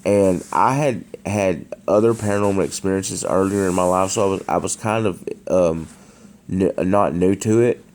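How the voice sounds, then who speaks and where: A man's voice: low voice, moderate pace, darkish tone, a little hiss or hum. A man casually telling a story at home, hesitant, with frequent restarts and fillers. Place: dark room at home.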